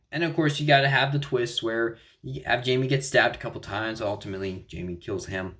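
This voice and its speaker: Young man, casual show review, rambling, restarts often, self-correcting, mid-pitched voice. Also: fairly quick, few pauses, fairly bright tone. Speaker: video reviewer. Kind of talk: casual TV show recap and opinion.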